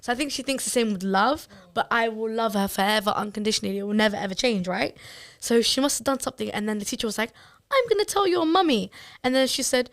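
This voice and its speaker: A woman, a mother hosting a podcast and sharing personal stories in an expressive way. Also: fairly high pitch, fast, no room sound. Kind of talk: casual podcast chat.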